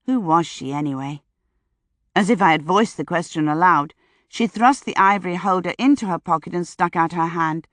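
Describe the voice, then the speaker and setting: A woman narrating a first-person audiobook in a measured, dryly wry manner, close to the mic. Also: lowish voice, a bit bright, no echo.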